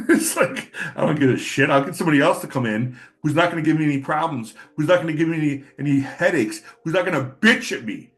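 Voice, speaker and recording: A man's voice: on the high side, expressive, fast talker, a bit bright, soft background music. A middle-aged man in a casual personal monologue, blunt and profane, rambling with repeated words. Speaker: channel host.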